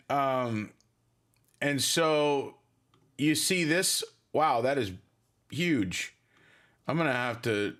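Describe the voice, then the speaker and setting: A man hosts a casual livestream for his band, rambling and chatting with many fillers as he reads viewer comments. His voice is mid-range with a fairly bright tone.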